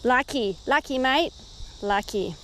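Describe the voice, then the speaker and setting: Aussie woman fishing vlog, slow relaxed chat, bit of insect noise outside. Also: a little high. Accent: Australian. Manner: chatty, talks to the fish, gets very excited. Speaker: fishing vlogger. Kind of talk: casual running commentary while fishing. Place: outdoors by the water in the rain.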